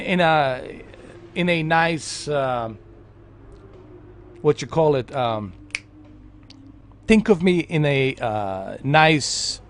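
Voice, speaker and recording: A man chatting casually while gaming, rambling with lots of fillers and restarts. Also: fairly high pitch. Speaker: gaming vlogger.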